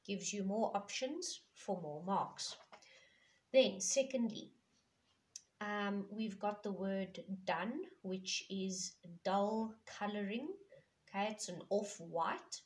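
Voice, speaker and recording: A woman's voice: medium pitch, slow. A woman from South Africa, an English teacher, explaining a poem in a patient classroom manner with frequent fillers.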